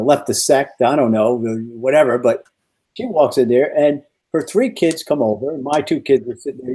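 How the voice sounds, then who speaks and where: A man who is a meteorologist, guesting on a podcast and telling rambling, animated stories with many restarts. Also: medium pitch, slightly rough. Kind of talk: casual podcast storytelling.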